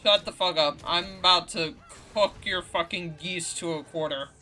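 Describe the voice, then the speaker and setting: A man's voice: sits high, normal speed, sharp tone. A man ranting profanely and indignantly while commentating a game playthrough. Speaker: gaming streamer. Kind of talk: let's play commentary.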